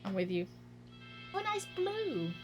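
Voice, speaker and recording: A woman's voice: high-pitched, big pitch swings, slow, lo-fi sound, soft background music. A woman streaming a game, chatting casually with a giggly, self-mocking manner. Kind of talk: casual gameplay commentary.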